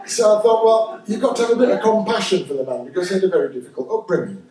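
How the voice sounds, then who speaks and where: A man's voice: high voice, fast, hardly any pauses, dark tone. A man with a Northern English accent doing a stand-up comedy set in a dry, wry manner, recorded live at a comedy venue. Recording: roomy live recording from a distance.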